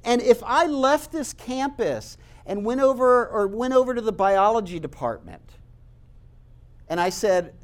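A man's voice: extremely high pitch, expressive, a little slow. A man telling stories in a conversational way, speaking straight to his listeners and acting out the voices he quotes. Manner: conversational, addresses listeners directly. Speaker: speaker recounting campus talks. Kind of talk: animated storytelling talk.

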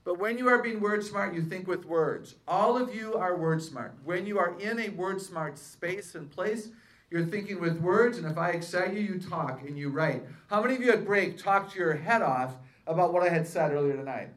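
A woman addressing a live audience at a faith-based seminar. She talks in a lively way, keeps asking the crowd questions, and pokes fun at herself. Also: on the low side, normal speed. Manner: playful self-mocking humor. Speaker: seminar speaker and author.

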